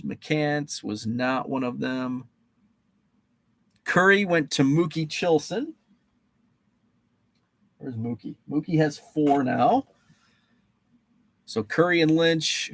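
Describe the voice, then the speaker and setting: A man's voice: on the high side, no echo. A man hosting a live stream, running a guessing game with trading cards, reading out viewers' names and answers in a chatty, playful way. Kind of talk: casual live-stream chat.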